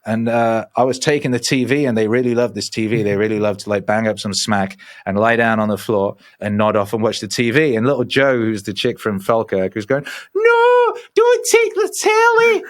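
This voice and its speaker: Brief: middle-aged man, lowish voice, profane and animated storyteller. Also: a little fast, few pauses. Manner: swears freely, animated and rambling. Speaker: podcast guest. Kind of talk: casual storytelling.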